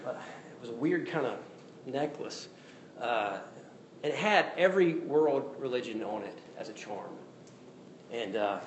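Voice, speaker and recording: A man preaching a sermon in an animated, jokey way, acting out quotes. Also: mid-range voice. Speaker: pastor. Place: church hall. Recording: echoey hall with faint room noise.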